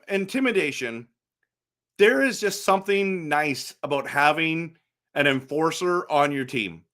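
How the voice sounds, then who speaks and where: Animated, chatty middle-aged man. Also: a little high. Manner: animated, chatty, addresses viewers directly; frequent repetitions and restarts. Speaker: hockey fan channel host. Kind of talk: casual fan commentary vlog.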